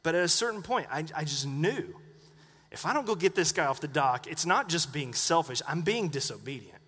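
A man's voice: a little high, animated, brisk, fairly bright tone, slightly rough. A middle-aged man preaching, telling a chatty story full of asides and acted-out quotes to his congregation. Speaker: pastor. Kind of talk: sermon story. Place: church sanctuary. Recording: long reverb of a church hall.

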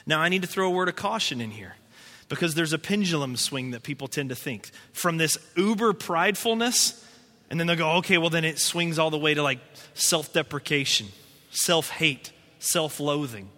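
A man's voice: on the high side, animated, normal speed, sharp tone, long reverb tail. A male pastor preaching a sermon in a conversational way, acting out quotes and voices as he goes.

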